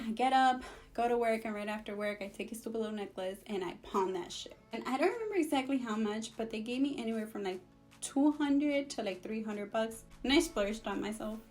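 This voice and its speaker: A young woman, telling a storytime vlog in a sassy, animated way and mixing in Spanish. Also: fairly high pitch, normal speed, soft background music. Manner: sassy, animated, switches between English and Spanish. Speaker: vlogger.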